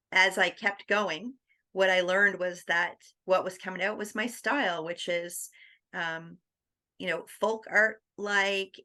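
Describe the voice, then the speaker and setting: A woman guest on an interview podcast, telling her story in a lively, animated way. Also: medium pitch. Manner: animated, acts out quoted dialogue with laughs.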